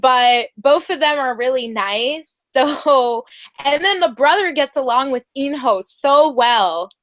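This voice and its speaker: A high-voiced young woman talks slowly and casually about a drama she loves. She is bubbly and giggly and leans on "like" as she talks. Her voice sounds dry and close. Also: animated, a bit bright, no room sound. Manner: bubbly and giggly, heavy use of "like". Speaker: drama reviewer. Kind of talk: casual chat.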